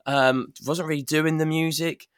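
A man's voice: fairly high pitch, fairly even intonation, a little slow, smooth. A man, a guest on a podcast, chatting casually and animatedly, swearing and laughing often. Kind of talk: casual chat.

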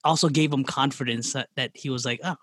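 A man's voice: mid-range voice, fairly even intonation, a little fast, a bit bright, dry recording. A man who is a father of young kids, co-hosting a casual podcast and talking in a joking, teasing way. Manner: joking, teasing, playfully mock-clueless. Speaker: podcast co-host. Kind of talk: casual chat.

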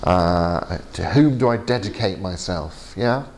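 A man lecturing to a class in a halting, chatty way, with many fillers and restarts. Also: low-pitched, lively intonation, darkish tone, slight background noise. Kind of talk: teaching session. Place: lecture room.

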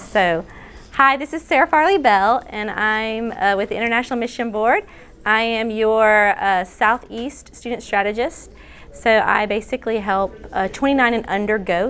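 Higher-voiced woman leading a workshop. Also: fairly bright tone, slight background noise. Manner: chatty, directs volunteers, quick asides. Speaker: workshop speaker. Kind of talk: interactive workshop session. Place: indoor room.

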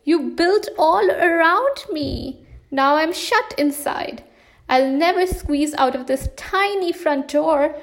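A woman's voice: sits high, expressive, measured pace. A woman voicing a stern, bossy male moose foreman who barks orders in a children's storybook read-aloud. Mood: panicked. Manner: barking orders.

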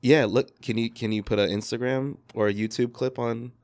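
A man's voice: medium pitch, fairly even intonation, normal speed, a little mellow, no echo. A man co-hosting a podcast, crude and playful in casual banter, swearing freely. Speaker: podcast co-host.

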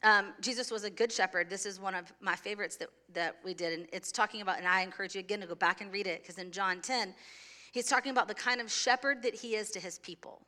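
A woman's voice: mid-range voice, steady tone, quick pace, sharp tone. A woman pastor preaching a sermon to a church congregation in a conversational way. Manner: conversational, laughs easily, sings a children's song. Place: church sanctuary.

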